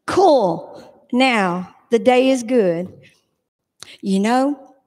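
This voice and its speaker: A woman giving a playful, animated children's message in a church. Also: fairly high pitch, drawn-out words, pauses often. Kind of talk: children's sermon. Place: church sanctuary. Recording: reverberant church hall.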